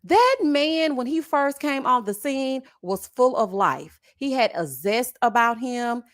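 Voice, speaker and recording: A woman's voice: high-pitched, animated, unhurried. A middle-aged woman, hosting casual, dramatic reaction commentary and reading viewer comments with sass and laughter. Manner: sassy, dramatic, laughing, calls viewers honey and child. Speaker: reality TV commentary host.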